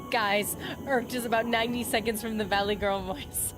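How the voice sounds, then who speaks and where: A woman's voice: on the high side, animated, extremely slow, long pauses. A woman streaming a game, chatting and laughing with her viewers as she plays. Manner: chatty, giggly, talks to chat. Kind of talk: casual gameplay commentary. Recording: game music behind.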